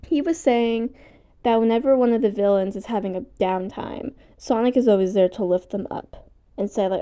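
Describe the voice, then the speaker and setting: A woman vlogging at home in a rambling, casual way, excitable and easily sidetracked, and she swears casually. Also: a little high, normal speed.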